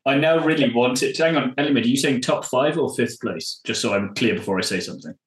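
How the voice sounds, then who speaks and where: A man's voice: mid-range voice, fast, reverberant, low-quality recording. A man co-hosting a podcast, teasing the others and laughing often. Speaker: podcast co-host. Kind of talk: casual chat.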